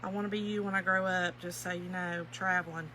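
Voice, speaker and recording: Speaking a bit fast in a lowish, level tone, a woman with a Kentucky accent leads a chatty craft tutorial stream, greeting viewers by name and reading out their comments. Her chatter is folksy and warm-hearted, with frequent "y'all"s and easy laughter. The recording is rough, with slight background noise.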